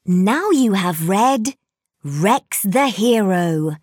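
A woman guiding a children's reading lesson, giving slow, clear prompts and asking questions. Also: medium pitch, expressive, a little mellow, no room sound, clean studio sound. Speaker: reading guide.

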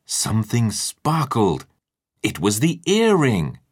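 A man narrating a children's storybook in a lively, expressive way. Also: medium pitch, takes it slowly, slightly rough.

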